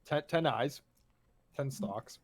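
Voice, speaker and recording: A man's voice: medium pitch, takes it slowly, no echo. A man running a tabletop game as game master, explaining with hesitant fillers and laughing easily.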